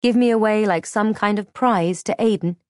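A woman narrating a first-person audiobook in a measured, reflective way. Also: mid-range voice, no echo, studio quality.

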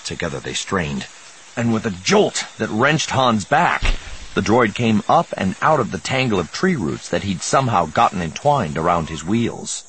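A man narrating an audiobook with a measured, expressive reading. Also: lowish voice, a little hiss or hum. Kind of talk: scripted narration.

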